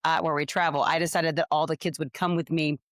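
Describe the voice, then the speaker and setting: A podcast co-host tells a story with energy, acting out other people's lines in a casual storytelling chat. Her low voice keeps a level tone at a quick pace. The studio sound is clean, without echo.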